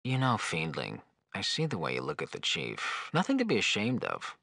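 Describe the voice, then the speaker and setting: A sarcastic, leering floating skull for a video game. The voice is gravelly and swings wildly up and down in pitch as he needles and jokes. The recording is dry and close. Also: wildly swooping pitch, normal speed, pushed and bright, dry recording, heavily acted. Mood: teasing, leering. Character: wisecracking lecherous floating male skull. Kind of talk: video game character dialogue. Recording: dry studio voice clip.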